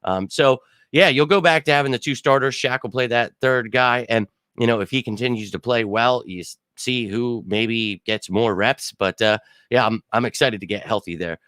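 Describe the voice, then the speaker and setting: A man's voice: mid-range voice, normal speed, a bit bright, no echo. Rambling man on a dry close mic. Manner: rambling, exasperated, filler-heavy. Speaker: sports podcast host. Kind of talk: casual live-stream commentary.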